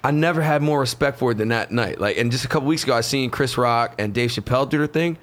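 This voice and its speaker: A man at an ordinary middle pitch tells stories in casual chat, swearing freely and getting animated as he goes. His speech is loose and conversational, with a podcast co-host's easy back-and-forth. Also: fast. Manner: profane, animated storyteller.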